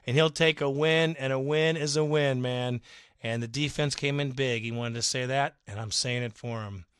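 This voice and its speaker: Bright, crisp-voiced male podcast host. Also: moderate pace, no echo, studio quality. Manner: chatty and sarcastic, swings between animated and low asides. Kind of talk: casual podcast commentary, reading fan comments.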